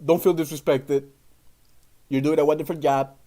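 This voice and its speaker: A man's voice: a little high, steady tone, moderate pace, mellow. Emphatic man ranting. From Venezuela. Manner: emphatic, rambling, heavy on fillers. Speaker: political livestream host. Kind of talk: ranting livestream commentary.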